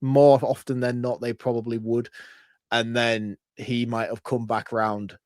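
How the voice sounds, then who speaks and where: A middle-aged British man, co-hosting a podcast, chatting casually and thinking his points through out loud. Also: medium pitch, flat delivery, measured pace, no echo, studio quality. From Britain. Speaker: podcast co-host. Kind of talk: casual chat.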